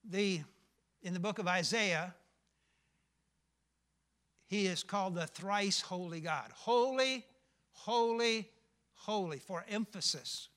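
A man's voice: high voice, slow, pauses often, sharp tone. An older male pastor preaching a sermon, emphatic, often asking the congregation questions.

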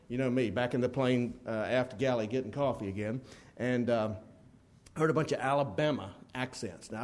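A Baptist preacher delivers a sermon in an animated way. He gets loud when he stresses a point, then drops his voice for quieter asides and stories. His voice sits at an ordinary middle pitch for a man. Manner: animated storytelling preacher, swinging between loud emphasis and low asides.

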